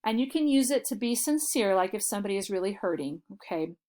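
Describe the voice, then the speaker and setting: A woman teaching a Spanish vocabulary lesson, explaining patiently and saying model phrases slowly and clearly. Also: mid-range voice, animated, a little mellow.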